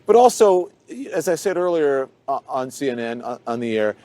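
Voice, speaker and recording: A man's voice: mid-range voice, lively intonation, moderate pace, warm tone. A man commenting on a cable news panel, conversational and hesitant, with many fillers.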